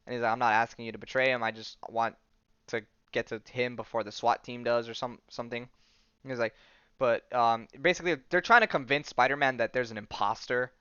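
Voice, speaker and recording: A man's voice: mid-range voice, fairly even intonation, a little fast, bright, forceful tone, clean tone, no echo, lo-fi sound. A man hosting a podcast, casually recapping a comic storyline in a rambling way full of ums and likes. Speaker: podcast host.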